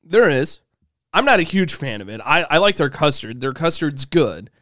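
A man's voice: fairly high pitch, sing-song, moderate pace, a bit bright, dry recording, clean studio sound. A young man co-hosting a podcast, teasing and joking in casual chat with his partner. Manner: teasing, playful, jokey. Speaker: podcast co-host.

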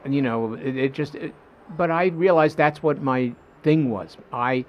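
A man in a casual podcast chat, reflective and halting as he tells his own story. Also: medium pitch. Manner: reflective, halting, many restarts. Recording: dull, slightly noisy podcast audio.

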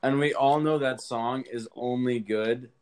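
A man's voice: medium pitch, steady tone, a little slow, a little mellow, smooth. A young man co-hosting a casual podcast, making blunt, dry jokes. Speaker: podcast co-host. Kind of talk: casual chat.

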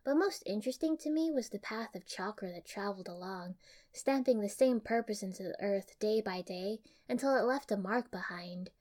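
A young woman reading fan fiction aloud in an expressive, even storytelling manner. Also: medium pitch, moderate pace. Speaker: audiobook reader.

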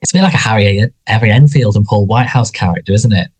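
A man with a low, slightly husky voice co-hosts a podcast. He chats casually and rambles, often circling back and restarting his sentences. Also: fast, darkish tone. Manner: rambling, frequent restarts and fillers. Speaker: podcast co-host. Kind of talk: casual chat about a sitcom.

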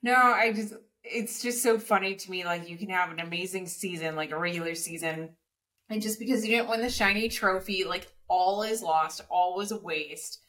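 Brief: bright-toned female co-host, dry and amused, chatty. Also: on the low side, normal speed. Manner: wry, amused. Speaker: podcast co-host. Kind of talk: casual sports chat.

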